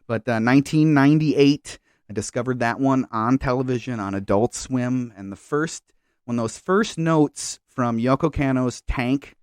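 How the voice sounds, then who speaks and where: A man co-hosts a casual podcast chat in a clear, resonant, medium-pitched voice, unhurried and recorded dry with clean studio sound. He rambles, full of fillers and restarts.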